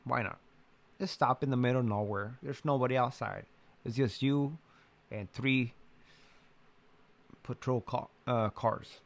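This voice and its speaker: A young man casually telling a personal story in an animated way, laughing at times and often restarting his sentences. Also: mid-range voice, measured pace, vocal fry, long pauses.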